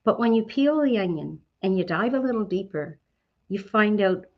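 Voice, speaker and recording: A woman's voice: mid-range voice, moderate pace, muffled recording. Outgoing woman giving a motivational talk. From Canada. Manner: outgoing and animated, asks herself questions. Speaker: speaker at a women's business network talk.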